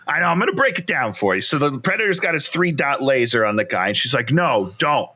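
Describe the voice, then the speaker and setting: Animated, bright-voiced man joking about a movie. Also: a little high, fast talker. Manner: sarcastic, mock-romantic storytelling with frequent laughs. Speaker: podcast co-host. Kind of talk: casual comedic movie recap.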